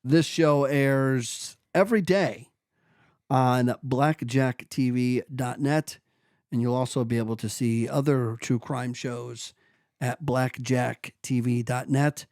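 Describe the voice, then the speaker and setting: A male podcast co-host with an unhurried, drawn-out delivery, trading jokes and then working steadily through the show plugs. His voice sits at an ordinary male pitch. The sound is dry and close, with no room around it. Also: steady tone, a little mellow, no room sound. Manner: bantering, reads promos steadily. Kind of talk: casual podcast banter.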